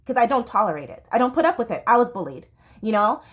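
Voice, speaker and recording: A woman's voice: fairly high pitch, big pitch swings, quick pace, breathy edge. A woman hosting a podcast, talking alone in an impassioned, rambling way and often breaking off mid-sentence. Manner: impassioned, rambling, self-interrupting. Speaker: podcast host. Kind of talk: casual monologue. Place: home near a train line.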